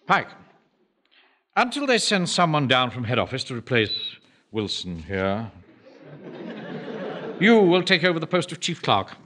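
An actor playing a pompous, blustering middle-aged bank manager who commands a home defence platoon. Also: male voice, mid-range voice, big pitch swings, a little slow, pauses often, a bit bright. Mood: commanding. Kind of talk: broadcast sitcom acting.

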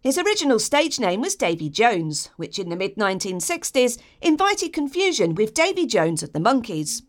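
A woman's voice: fairly high pitch, big pitch swings, moderate pace, few pauses. A woman narrating a scripted biography, informative with wry personal asides. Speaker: documentary narrator.

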